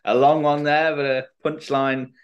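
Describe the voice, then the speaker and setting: A man co-hosting a comedy podcast, reacting quickly, laughing along and swearing casually. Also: on the high side, little pitch movement, muffled recording. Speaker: podcast co-host.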